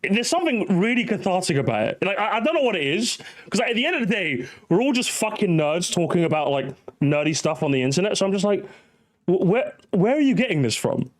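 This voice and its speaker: A man's voice: high voice, sing-song, fast, few pauses. A young man hosting a reaction commentary, ranting, mocking and swearing as he talks. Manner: ranting, mocking, profane, laughing. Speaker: commentary host.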